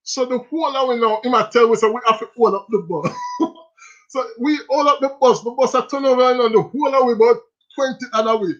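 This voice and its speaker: A man's voice: extremely high pitch, quick pace, a bit bright. A Jamaican man hosting a casual stream, telling stories in patois and laughing often. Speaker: livestream host. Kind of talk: casual storytelling. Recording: slightly dull lo-fi sound.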